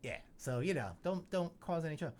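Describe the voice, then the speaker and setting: A man's voice: on the high side, expressive, fairly quick, darkish tone, a little hiss or hum. A man hosting a podcast in casual chat, rambling and joking with lots of "you know" fillers. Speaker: podcast host.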